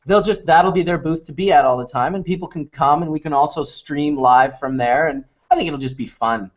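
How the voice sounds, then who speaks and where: A man's voice: on the high side, a little fast. A man hosting a casual video chat, talking in a laid-back, rambling way with many fillers. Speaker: host. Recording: muffled lo-fi web stream.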